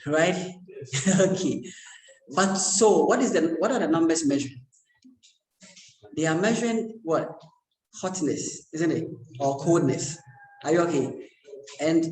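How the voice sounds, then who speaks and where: A man's voice: on the high side, darkish tone, a little hiss or hum. A man giving a university lecture in a classroom, conversational and joking, checking in with his students again and again. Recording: echoey lecture room.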